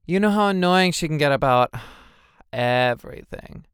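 A man voicing an excitable, blunt young woman who loves cats, in a storybook reading. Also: a little high, normal speed, clear, resonant tone, dry recording, clean studio sound, voice pushed up. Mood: excited.

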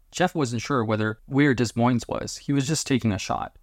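A man's voice: medium pitch, no echo, studio quality. Man narrating a homemade audiobook. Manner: deliberate, announces each chapter.

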